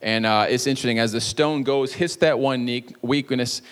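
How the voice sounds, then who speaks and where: A man's voice: medium pitch, moderate pace, fairly bright tone, clean tone, long reverb tail. A male pastor preaching a sermon in a church, telling a story with jokey asides and playful energy. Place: church sanctuary.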